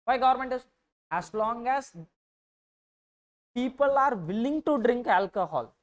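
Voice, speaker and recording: A woman's voice: a little high, expressive, a little slow. A woman with a Tamil-influenced Indian English accent giving a classroom economics lecture. She dictates notes, repeats key points, and keeps asking whether the students are following. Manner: dictates notes, then explains. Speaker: economics teacher.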